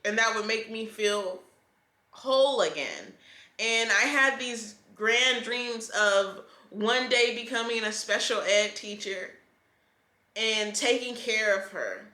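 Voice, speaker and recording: A woman's voice: a little high, takes it slowly, bright, forceful tone. Candid young woman in an echoey room. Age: 20s. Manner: candid, emotional, conversational. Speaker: vlogger. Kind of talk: personal storytelling vlog.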